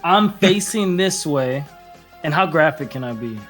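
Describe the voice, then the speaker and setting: A man's voice: fairly high pitch, lively intonation, a little slow, a bit bright, soft background music. A young man telling a rambling story in casual chat, acting out quotes with laughs. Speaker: podcast guest or co-host.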